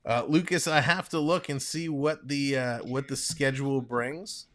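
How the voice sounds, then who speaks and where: A man calling a ball game play-by-play on a live stream, chatting and reading viewer comments between pitches. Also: fairly even intonation, normal speed, a bit bright. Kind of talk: casual play-by-play with chat reading.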